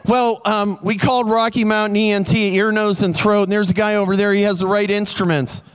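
A man's voice: high voice, little pitch movement, brisk, clean tone, natural voice. A man quoting a young male hospital resident in a hesitant, apologetic way. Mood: awkward.

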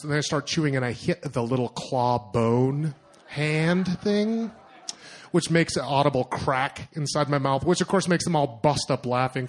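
Young guy telling a funny travel story, animated, keeps acting out what he was thinking. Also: on the high side. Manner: animated, self-mocking, lots of fillers and acted-out inner voices. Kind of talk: personal story told to an audience.

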